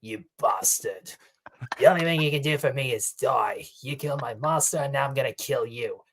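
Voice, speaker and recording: A man voicing a vengeful martial-arts hero with a slow, menacing delivery. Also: medium pitch, a bit bright, a little hiss or hum, close to an everyday voice.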